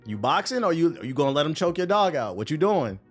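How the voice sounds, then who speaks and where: This young man hosts a livestream in a fairly high voice, talking fast over soft background music. His casual chat is animated and profane, full of jokes, with chat messages read aloud.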